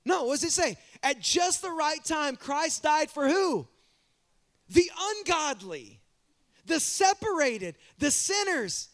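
A male pastor preaches in church, animated and speaking directly to the congregation, repeating words as he builds toward a point. His voice is very high and his pace slow.

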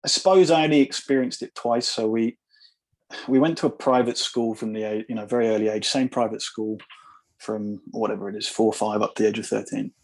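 Husky English man with American slips. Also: lowish voice, fairly even intonation, a little mellow. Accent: English, with an occasional American twang. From England. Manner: reflective, halting, with frequent restarts. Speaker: podcast guest. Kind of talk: casual conversation.

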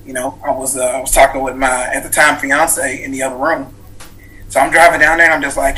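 A man in his thirties recounts a life-changing personal story as an interview guest. His voice sounds bright and forward. He talks earnestly and reflectively, full of fillers and restarts. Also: medium pitch, level tone, brisk, poor audio. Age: 30s. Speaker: guest, author.

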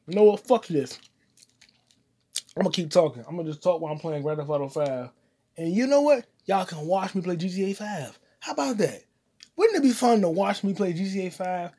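A man hosting his own solo comedy podcast, cursing often and rambling while he eats popcorn, his voice swinging between loud outbursts and mutters. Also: lively intonation, normal speed, pauses often. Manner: profane, loud swings in volume and pitch; eating popcorn while talking. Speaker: podcast host.

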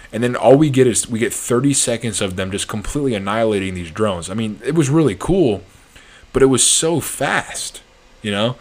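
A young man casually reviewing a movie as a podcast host, rambling and restarting his sentences, laughing easily. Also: fairly low pitch.

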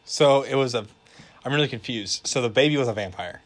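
A young man co-hosting a podcast, joking and cutting in with quick questions in casual chat. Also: medium pitch. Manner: joking, interrupting, quick back-and-forth. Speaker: podcast co-host.

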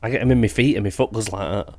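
A man's voice: on the low side, very fast, darkish tone, dry recording. A young man, co-hosting a casual podcast, crude and jokey, laughing often. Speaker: podcast co-host. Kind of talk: casual banter among friends.

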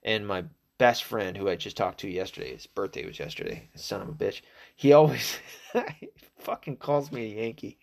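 A man's voice: fairly low pitch, big pitch swings, moderate pace, creaky, darkish tone. A young man from the American South with a faint Southern accent, talking in a casual, profane, rambling monologue full of restarts. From Arkansas, US South.

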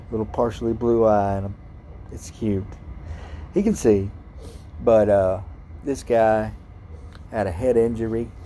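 A man with a drawl talks in a low, mellow voice, rambling from the heart and cursing freely. He records his podcast outdoors at night. Faint background noise sits under his voice. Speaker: podcast host. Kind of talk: casual solo podcast monologue.

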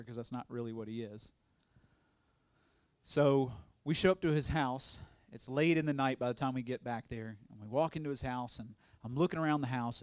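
A male evangelist shares his testimony from the pulpit, a lively storyteller who slips into the voices of the people in his story and laughs easily. His voice sits at an ordinary middle pitch. The sound is dry and close, with little room around it. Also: dry recording. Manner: animated storytelling, acts out quoted voices, laughs often. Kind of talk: testimony sermon.

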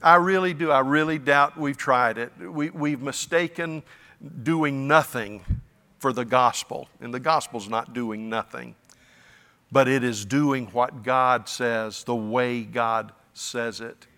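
A man's voice: medium pitch, slow, pushed and bright, big-room sound. A man preaching a sermon as pastor in a folksy, emphatic way, with stammered restarts. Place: church sanctuary.

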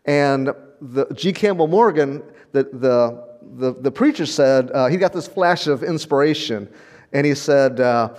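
This pastor, an older man, has a mid-range, darkish voice and an animated delivery at a measured pace. His sermon feels like conversational storytelling, full of repeated words and chuckles.

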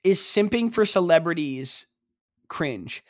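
A man's voice: fairly high pitch, dry recording, clean studio sound. A young man co-hosting a podcast, chatting casually and rambling, often acting out quotes. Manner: rambling, animated, quick to act out quotes. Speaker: podcast co-host. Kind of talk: casual chat. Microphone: studio mic, dry booth.

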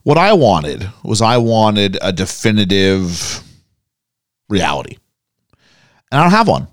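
Man, podcast co-host, critical questioning talk, smooth clear voice, dry sound. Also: lowish voice, takes it slowly, dry recording. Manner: critical, questioning, animated reactions. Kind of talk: casual discussion.

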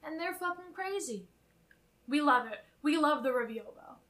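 Brief: young woman podcast co-host, fairly high and bright, animated and foul-mouthed. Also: normal speed. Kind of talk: casual chat recapping a film.

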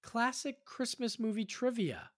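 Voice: mid-range voice, lively intonation, a little slow. A podcast host running a casual quiz with friends over a video call, chatty and full of fillers and restarts.

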